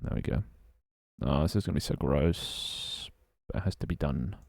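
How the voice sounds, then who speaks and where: British guy on a live stream, low voice, dry close sound, mutters n swears at his code and chats w/ viewers. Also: moderate pace, creaky, a little mellow, no room sound. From Britain. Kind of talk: casual live-stream chat while coding.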